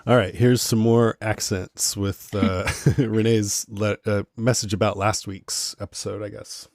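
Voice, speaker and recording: A man co-hosts a casual podcast with a low voice and an easygoing laugh. The recording is dry and close. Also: little pitch movement, measured pace, darkish tone, dry recording. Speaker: podcast co-host.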